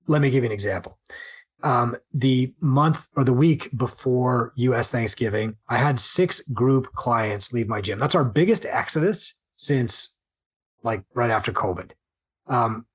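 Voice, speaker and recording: A man's voice: medium pitch, moderate pace, breathy edge. A man hosting a business podcast, talking animatedly and acting out worried inner monologues. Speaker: podcast host and gym business coach. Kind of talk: solo business podcast talk.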